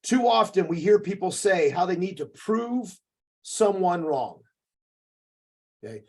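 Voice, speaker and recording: A man's voice: high voice, animated, a little slow, husky. A man co-hosting a podcast as a jiu-jitsu coach, giving an emphatic, profane motivational talk that keeps checking in with "okay".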